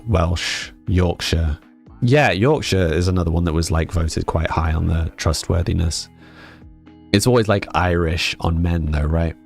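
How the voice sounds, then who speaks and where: A man from Scotland, streaming and casually chatting, reading viewer comments aloud and answering with frequent laughs. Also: deep voice. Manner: reads viewer comments aloud and chats back, laughing often. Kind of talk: casual chat.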